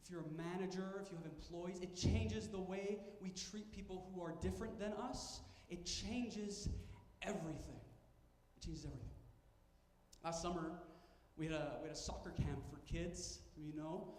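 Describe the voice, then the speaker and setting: A man's voice: sits high, normal speed, a little mellow. A man preaching a sermon as pastor, telling stories with emphatic repetition. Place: church sanctuary. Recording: echoey church hall with faint ambience.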